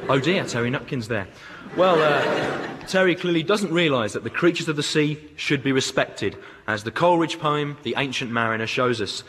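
A man in his twenties hosting a comedy sketch in a deadpan presenter manner. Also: a little high, normal speed, long reverb tail, noisy background. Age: 20s. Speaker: sketch host.

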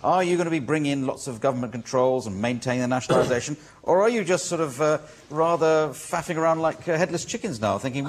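A man's voice: a little high, quick pace, hardly any pauses. A man chairing a panel, needling a guest with provocative questions. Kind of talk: panel debate.

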